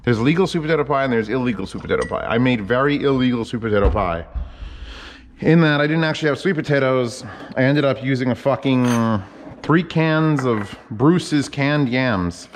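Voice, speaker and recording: A man talks through his cooking in a home kitchen, rambling from one aside to the next and swearing casually. His voice sits at a middling pitch. A faint hiss runs under the recording. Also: lively intonation, normal speed, in a large hall. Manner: rambling, profane, chatty asides. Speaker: home cook vlogger.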